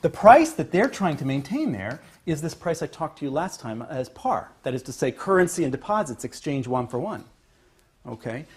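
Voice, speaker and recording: A male economics professor giving a university lecture, checking in with "okay?" and restarting phrases, pushing some points louder and letting others trail off. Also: fairly high pitch, very animated, normal speed, breathy edge. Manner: emphatic, builds to louder points then trails off. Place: lecture classroom.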